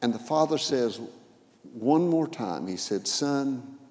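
Animated preacher man, lively pitch. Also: takes it slowly, in a large hall. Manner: animated, acts out quoted voices, swings loud and soft. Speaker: pastor. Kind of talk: sermon storytelling.

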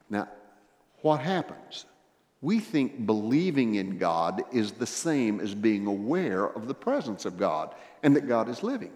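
A male pastor delivering a sermon at a mid-range pitch, alternating between raised, emphatic passages and quiet, intimate ones. He leans on rhetorical questions aimed straight at the congregation. His voice rings with the long reverb of a large church hall. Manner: emphatic, swings from loud raised delivery to hushed intimate tones.

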